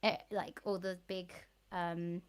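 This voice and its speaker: A woman co-hosting a casual live stream, telling lively anecdotes in an easy chat. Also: on the low side, slow, smooth. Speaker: co-host.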